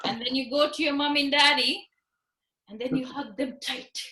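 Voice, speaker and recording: A woman's voice: sits high, fairly even intonation, moderate pace, pushed and bright, rough recording. A woman teaching young children in an online class over a video call, encouraging them with simple words and frequent tag questions.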